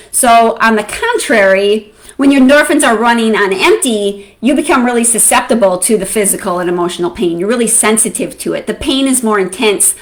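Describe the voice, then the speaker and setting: A woman mood coach for mothers giving an educational video talk, conversational and often checking in with "right?". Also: medium pitch.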